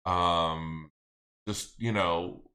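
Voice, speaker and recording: A man's voice: low voice, fairly even intonation, drawn-out words, sharp tone. A middle-aged man hosting a casual livestream, rambling and thinking aloud as he reads viewer comments. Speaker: crypto channel host.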